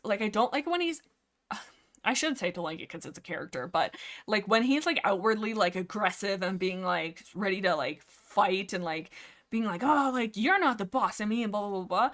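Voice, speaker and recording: A woman's voice: medium pitch, fairly bright tone. A young woman hosting a casual livestream, rambling happily about a book series with plenty of fillers and restarts. She keeps jumping back to correct herself and add side comments as she goes. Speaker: livestream host.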